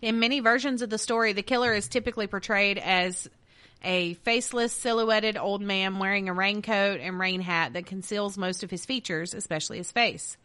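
A woman's voice: mid-range voice, fairly even intonation, normal speed, pushed and bright. A woman, co-hosting a casual podcast and reading urban legends aloud to her co-host. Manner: reads stories aloud, then jokes and laughs with co-host. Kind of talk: casual storytelling chat.

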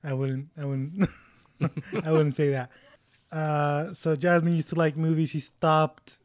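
A young man of about twenty hosts a podcast, with a slightly raised pitch. He chats in a rambling, joking way that pokes fun at himself. His voice is close and dry, with no room sound around it. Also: level tone, slow, no room sound. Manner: joking, rambling, self-mocking. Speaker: podcast host. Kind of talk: casual podcast chat.

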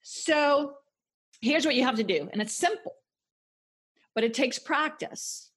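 A woman's voice: sits high, expressive, a little slow, fairly bright tone. A woman guest author talking passionately and emphatically in a podcast interview. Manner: passionate, emphatic motivational talk.

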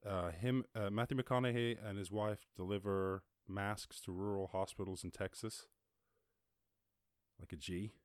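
Excitable Irish man, lowish voice. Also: no room sound, clean studio sound. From Ireland. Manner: excitable, jokey, swears freely, quick loud reactions. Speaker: podcast host. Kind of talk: casual solo news-reaction podcast.

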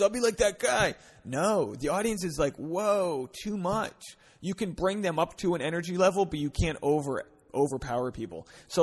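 A man in his thirties from Rhode Island, a stand-up comedian hosting a solo podcast, talking casually and profanely and acting out pickup lines. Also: a little high. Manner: profane, animated, acts out bar pickup lines.

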